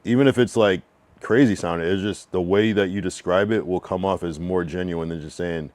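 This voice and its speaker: A man from New England talks with his livestream chat in a deep, low voice. He reads the viewers' messages aloud and gives blunt, slangy feedback. He rambles casually, full of fillers and asides. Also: expressive, darkish tone. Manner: frank, loose, reads chat messages aloud and answers them; drawn-out slang-filled musing with many fillers.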